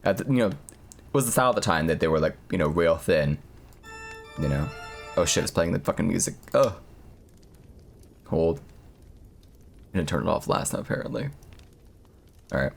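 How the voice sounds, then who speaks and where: A man's voice: low voice, expressive, moderate pace, vocal fry, long pauses, faint music behind. A young man live-streaming, chatting casually with viewers in a rambling, profane way. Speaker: streamer reading horror stories.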